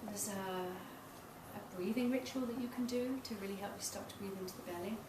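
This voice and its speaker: A woman's voice: medium pitch, normal speed. A middle-aged woman giving a candid, self-deprecating public talk as a tantra massage teacher. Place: small event space. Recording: roomy, distant mic, noisy.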